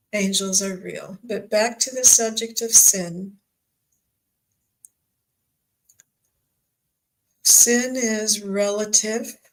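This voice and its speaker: A woman speaking as a group of spirit guides, giving measured, reassuring messages in a spiritual channelling session. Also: mid-range voice, low-quality recording. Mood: solemn. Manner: slow, measured, reassuring pronouncements.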